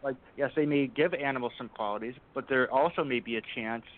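A man's voice: mid-range voice, a little fast. A man as a guest in a casual interview chat, speaking emphatically and pressing pointed questions again and again. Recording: tinny phone-like line.

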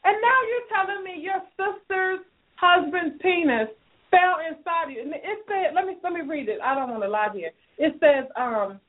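A woman's voice: extremely high pitch, animated, normal speed. Woman, radio advice host, scolding, preachy, repeats herself, thin phone-line sound. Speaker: radio show host giving relationship advice. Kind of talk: emphatic advice talk on a radio show.

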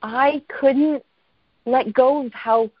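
A woman guest telling a story in a casual interview, lively and self-deprecating, acting out the voices of people she quotes. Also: high-pitched, slow pace, no echo, narrow, tinny audio.

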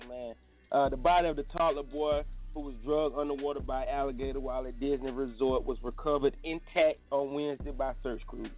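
A man hosting a casual morning talk show, chatting loosely with slang and fillers about the news. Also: mid-range voice. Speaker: host. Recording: tinny phone-like sound.

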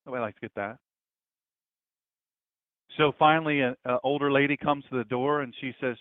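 A male pastor preaching, moving from loud passages into quiet, hushed ones as he tells a story. His voice comes through a thin, phone-like line with no room echo at all. The pitch is mid-range for a man. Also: fairly even intonation, moderate pace, pauses often. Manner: dramatic swings between loud and hushed. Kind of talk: sermon storytelling.

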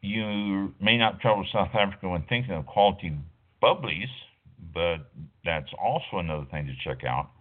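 A man's voice: deep voice, lively intonation, moderate pace, narrow, tinny audio. A middle-aged man hosting a wine talk show, rambling casually with lots of fillers and stopping to correct himself. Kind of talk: casual talk radio monologue.

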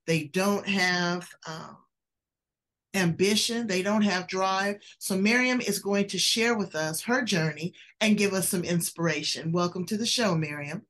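A woman's voice: mid-range voice, a little slow, fairly bright tone. Effusive woman talk-show host. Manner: effusive, conversational. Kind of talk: interview chat.

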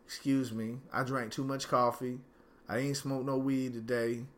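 A man's voice: mid-range voice, flat delivery, unhurried. A man hosting his own podcast from home, ranting angrily and profanely in a casual slangy way. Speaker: podcast host. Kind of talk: solo podcast rant.

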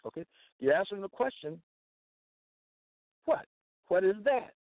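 A man teaching from scripture in a slow, deliberate way, repeating phrases and checking in with "okay?" and "all right?". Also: high voice, expressive, no echo. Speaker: self-styled Bible teacher. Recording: tinny phone-like dry sound.

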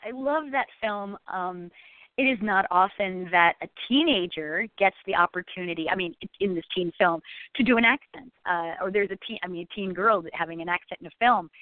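A woman's voice: fairly low pitch, moderate pace, no echo. A chatty actress talks over a phone line that sounds thin and tinny, her voice dry with no room sound. She rambles with plenty of fillers and restarts. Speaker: actress, guest. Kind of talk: call-in interview chat.

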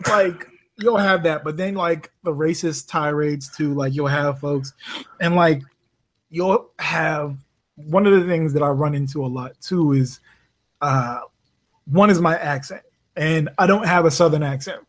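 Slightly slow and on the high side, the voice comes from a man who grew up in Bermuda and drives rideshare. As a podcast guest in easygoing conversation, he tells stories with lots of energy, swearing openly and impersonating the people in them.

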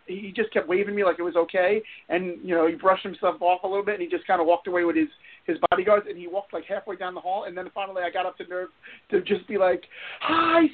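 A man telling rambling, laughing stories in a casual podcast chat. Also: sits high. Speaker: guest. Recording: phone-like lo-fi audio.

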